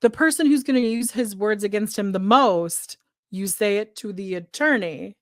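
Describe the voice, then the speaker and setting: A woman co-hosting a podcast, recapping a true-crime story in blunt, profane, animated casual chat. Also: medium pitch, moderate pace, no room sound, studio quality. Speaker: podcast co-host.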